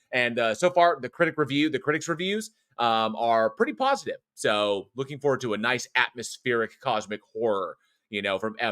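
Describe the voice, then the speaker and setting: In a casual live chat, a podcast host runs a horror show, reading viewer comments while rambling, chuckling and often restarting. His mid-range voice has a fairly bright tone, and the recording is dry with clean studio sound.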